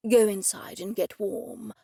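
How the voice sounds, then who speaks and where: A woman reading an audiobook, voicing a pompous, stubborn elderly gentleman who speaks with indignant, fussy formality. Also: medium pitch, steady tone, unhurried, creaky, dry recording, clean studio sound. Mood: gallant.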